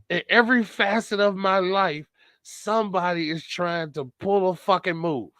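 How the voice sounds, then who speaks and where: A man's voice: high-pitched, steady tone, moderate pace, a bit bright, dry recording. A man co-hosting a podcast, cursing freely and telling a story in casual chat, acting out quoted dialogue as he goes. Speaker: podcast co-host.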